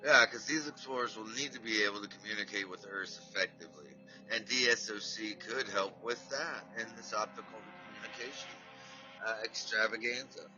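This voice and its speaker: Over music, a man with a voice on the low side hosts a casual live podcast at normal speed, rambling, restarting sentences and apologizing along the way, even talking to his dog mid-show. The audio is dull.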